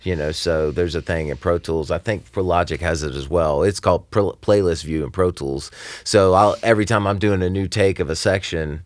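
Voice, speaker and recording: A man's voice: sits low, fairly even intonation, moderate pace, no room sound. A man, a recording engineer and producer, talking loosely in a casual podcast interview, with lots of fillers and restarts.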